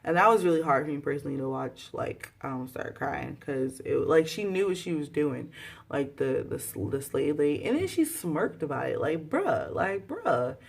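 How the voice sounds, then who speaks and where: A young woman reviewing a TV episode in a casual vlog. She reads her own tweets aloud and rambles in a chatty, animated way, full of sassy asides and sound effects. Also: sits low, normal speed, gravelly, slightly rough.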